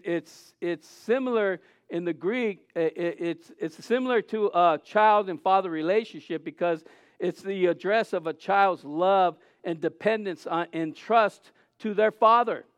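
A middle-aged man preaching a sermon as pastor, earnest with halting restarts, rising to loud cries. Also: high voice, clear, resonant tone, no room sound.

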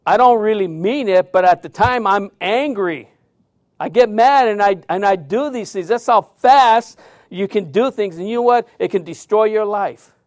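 A male pastor preaching a sermon, telling stories with sudden loud outbursts and quiet drops. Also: high-pitched, moderate pace, no room sound, studio quality.

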